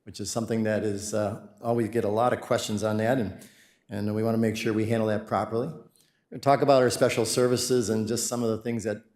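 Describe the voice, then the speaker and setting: A man's voice: on the low side, flat delivery, fairly quick, a little mellow. Rambling man presenting in an echoey room. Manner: friendly, rambling, frequent fillers and restarts. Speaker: company presenter at a city meeting. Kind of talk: public presentation to residents. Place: city council chamber.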